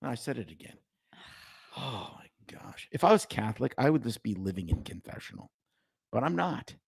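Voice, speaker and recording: A man's voice: medium pitch, very animated, moderate pace, gravelly, breathy edge, dry recording, clean studio sound. A man co-hosting a casual chat over drinks, ranting and sarcastic, swearing freely. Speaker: podcast co-host.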